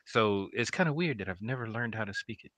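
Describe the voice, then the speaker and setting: A man's voice: on the low side, animated, fairly quick, a bit bright, dry recording. A man chatting casually as a guest, laid-back and wry. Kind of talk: casual chat.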